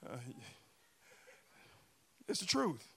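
A male pastor preaching a sermon in a church, shouting and chanting with call-and-response to the congregation. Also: very slow. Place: church sanctuary.

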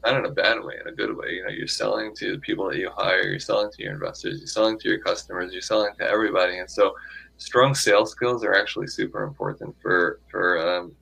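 Gravelly-voiced man, halting interview guest. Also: deep voice, pushed and bright, poor audio. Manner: halting, many restarts and fillers. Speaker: guest investor. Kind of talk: casual interview talk.

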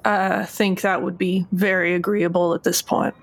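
A woman's voice: on the low side, level tone, moderate pace, dry recording, close to an everyday voice. A woman voicing a proud, wounded young woman who speaks formally and properly.

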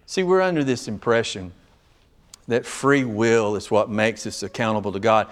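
A male pastor preaching a sermon, swinging between loud, raised passages and hushed, low ones. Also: moderate pace.

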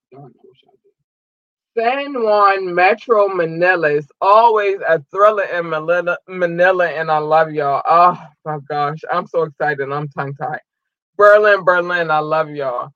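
A man from Maryland hosting a livestream, giving casual, effusive shout-outs to his listeners and often breaking into excited shouts. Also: sits high, no room sound, muffled recording. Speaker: livestream host.

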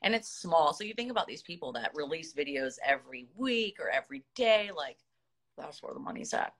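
Chatty woman with a bright voice. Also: mid-range voice, husky. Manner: chatty, animated, laughs often. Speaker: podcast guest. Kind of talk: casual storytelling.

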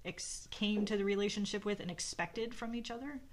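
There's background noise behind this middle-aged woman's medium-pitched voice, which moves at normal speed. As a podcast co-host, she muses casually and at length on her marriage, full of fillers and false starts.

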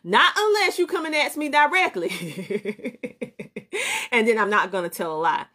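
A woman's voice: fairly high pitch, big pitch swings, fast talker, pushed and bright. Emphatic Southern woman coaching. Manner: emphatic, repetitive, greets viewers by name. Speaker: business coach and show host. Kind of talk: motivational live-stream talk.

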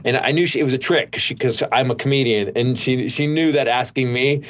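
A middle-aged male comedian, appearing as a guest, tells stories in casual conversation, rambling and restarting often. His voice is mid-range and a touch fast.

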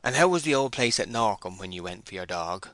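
A man voicing an ancient country maltster who rambles slowly and wistfully about old times. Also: fairly low pitch, expressive, a bit bright, no echo. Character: older rustic man, the gossiping maltster.

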